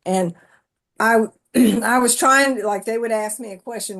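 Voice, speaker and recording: Woman, fairly high voice, lively anecdote, quotes other people. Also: unhurried, vocal fry. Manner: storytelling, acts out quotes. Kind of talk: casual chat.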